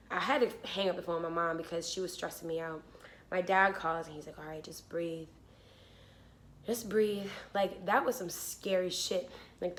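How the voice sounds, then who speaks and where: A woman's voice: fairly low pitch, fairly bright tone. A young woman telling a storytime vlog, casual and full of swearing and "like", acting out what people said. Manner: casual, swearing, heavy use of "like", acts out quotes. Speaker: vlogger.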